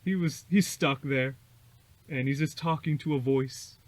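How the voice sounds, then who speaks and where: A man's voice: mid-range voice, a little slow, no echo, low-quality recording. A man chatting about a film, agreeable and a bit hesitant, with lots of fillers. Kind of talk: casual chat about a film.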